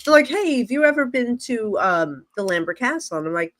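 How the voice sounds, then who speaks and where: A middle-aged psychic medium with a New Jersey accent is a podcast guest, telling a story with great animation, acting out the dialogue and laughing often. Her voice is a little high and brisk, and there's noise in the background.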